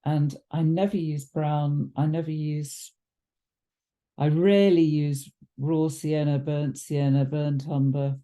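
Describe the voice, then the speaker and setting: Speaking low and taking her time, a woman demonstrates watercolour painting in a relaxed, chatty way. She thinks out loud as a teacher, with ums and frequent self-corrections.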